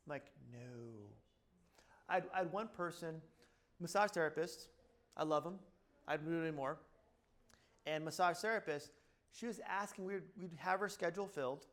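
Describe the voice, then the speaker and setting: At a seminar, a middle-aged chiropractor with a slightly high, fairly bright voice chats casually to the room about his clinic, talking a little fast and pausing often. He switches between his own words and acted-out quotes, peppering his lines with "blah, blah."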